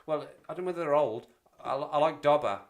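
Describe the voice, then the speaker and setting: A man's voice: fairly high pitch, a little fast. A man in his forties hosting a casual livestream chat, rambling and self-deprecating as he talks to viewers. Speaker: livestream host.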